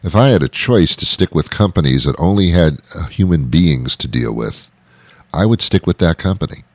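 A man's voice: deep voice, lively intonation, moderate pace, a little mellow, no echo. A man delivering an exasperated, comic rant with lots of repetition and restarts. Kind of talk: ranting monologue.

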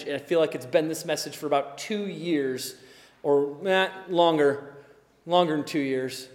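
A man in his forties preaching a sermon as pastor, animated, acting out little scenes and dropping to soft murmurs. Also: a little high, big-room sound. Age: 40s.

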